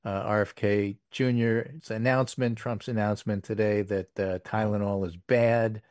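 A man's voice: lowish voice, steady tone, normal speed, darkish tone, no room sound, clean studio sound. A man hosting a casual political talk show, reading poll figures with wry asides and plenty of fillers. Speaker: political podcast host.

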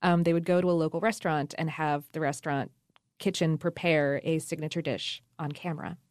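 A woman's voice: sits low, steady tone, a little fast, darkish tone, no room sound. A woman co-hosting a podcast, chatting casually through food history with laughs and fillers. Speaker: podcast co-host. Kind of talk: casual conversational history chat.

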